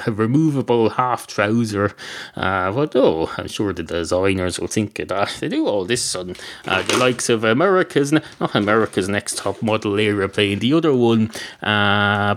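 A man telling a rambling comic monologue, wry and digressive, often correcting himself mid-sentence. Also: lowish voice. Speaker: comedic storyteller.

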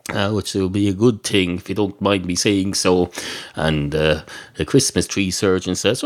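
A man doing a rambling improvised comic monologue, deadpan and digressive, with halting restarts. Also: sits low.

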